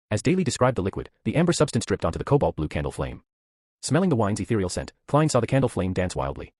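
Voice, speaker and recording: A man narrates a novel chapter summary with a very deep, slightly husky voice. He reads quickly, and his pitch rises and falls a lot. The sound is dry and close. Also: darkish tone, no room sound.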